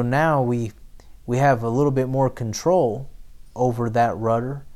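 A male preacher delivering a sermon at a mid-range pitch. His teaching is measured and often drops soft, then swells into loud, insistent declarations. He leans on repeated phrases for rhythm. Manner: repetitive preaching cadence.

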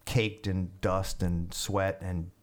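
A man with a fairly low voice spins a long story in a casual podcast interview. He rambles, restarts and leans on fillers, his delivery animated and loose. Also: slow. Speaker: guest musician and army veteran.

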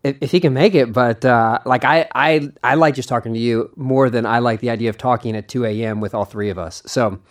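A man's voice: mid-range voice, fairly even intonation, fairly quick, few pauses. Eager rambling young male podcast host. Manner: eager, rambling, self-correcting, laughs often. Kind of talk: casual interview chat.

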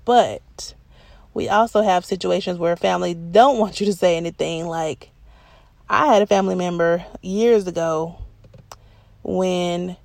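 A woman hosting a casual podcast monologue, her voice gravelly with a lot of vocal fry. She talks straight to her listeners in a chatty, animated way and slips into quoted replies. The sound is dry and close. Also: medium pitch, no room sound. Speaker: podcast host.

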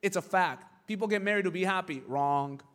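A young man preaching a casual, joking youth sermon, chatty and animated, often restarting his sentences. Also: high-pitched, brisk, clean tone. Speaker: pastor.

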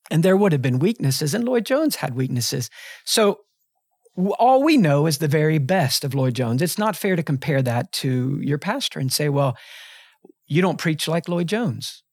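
A man's voice: fairly high pitch, no room sound, clean studio sound. A man in his fifties, a pastor, talking on a podcast in an earnest, reflective way with frequent restarts. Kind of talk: podcast conversation, telling a personal story. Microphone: close studio mic.

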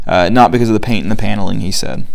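A man's voice: on the low side, rapid-fire, vocal fry. A young man leading a book discussion in a loose, conversational way, with many fillers, who reads quotes aloud. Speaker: study group leader. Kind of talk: casual teaching talk.

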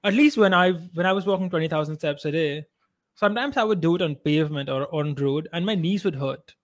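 Male podcast co-host, slightly high voice, relaxed and conversational. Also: brisk. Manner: relaxed, conversational, swears casually. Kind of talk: casual podcast chat.

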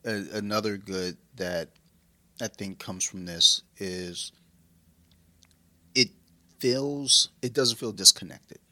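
A man co-hosting a casual podcast chat, talking in a rambling, profane and excitable way. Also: fairly low pitch, slow pace, pauses often. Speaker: podcast co-host.

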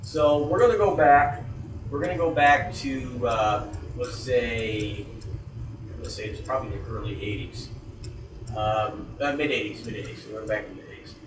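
A man's voice: medium pitch, moderate pace, background noise. A man telling a story in a casual, profane way, acting out scared reactions as he goes. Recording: echoey room heard from a distance.

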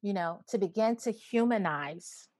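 A woman's voice: medium pitch, expressive, unhurried, a little mellow, dry recording. A woman in her thirties, a podcast guest, talking earnestly and reflectively in a casual conversation, often saying "you know". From Alabama, USA. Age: 30s.

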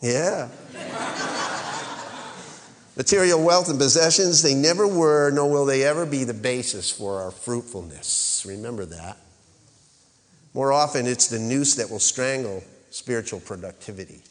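A male pastor preaches in a large hall, rising to emphatic peaks and calling for the congregation's response. His medium-pitched voice keeps a measured pace, and he pauses often.

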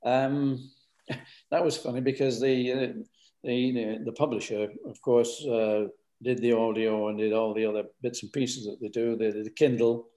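A man's voice: medium pitch, little pitch movement, moderate pace, mellow. A man with a northern English accent, an author chatting as a guest, rambling and often repeating words. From north of England. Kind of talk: casual interview chat.

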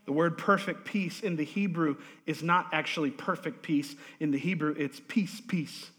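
A man preaching a sermon to a congregation, pressing his points with repeated words and calls of amen, swinging between loud emphasis and hushed asides. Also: a little high, normal speed, breathy edge. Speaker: pastor. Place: church sanctuary. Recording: long reverb of a large hall.

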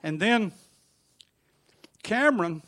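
A man telling an animated, funny story to a church congregation. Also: sits high, slow pace.

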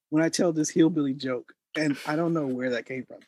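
A man's voice: a little high, brisk, background noise. A man on a podcast as a guest, chatting casually in a cocky, joking way.

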